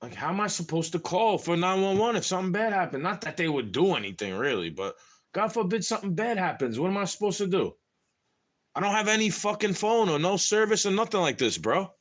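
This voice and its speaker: A man's voice: sits high, big pitch swings, a little fast. A young man venting in a rambling, casual monologue to camera, frustrated and full of slang. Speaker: vlogger.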